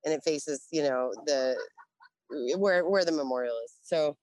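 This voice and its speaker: Low-voiced woman telling a salty story. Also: measured pace, no echo. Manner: profane, animated, acts out quoted dialogue. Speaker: interview guest, Navy veteran. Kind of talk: casual storytelling.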